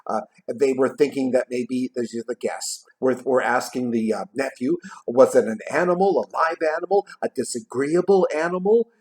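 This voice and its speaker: A man's voice: medium pitch, moderate pace, hardly any pauses, darkish tone. Chatty man telling a classic story. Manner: chatty, jokey, adds asides while retelling. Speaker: vlogger reading a classic novel aloud. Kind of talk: casual storytelling.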